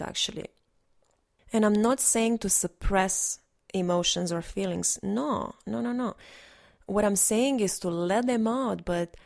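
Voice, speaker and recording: A woman's voice: mid-range voice, vocal fry. A woman energy healer in a casual, rambling monologue, earnest and instructive, with frequent restarts.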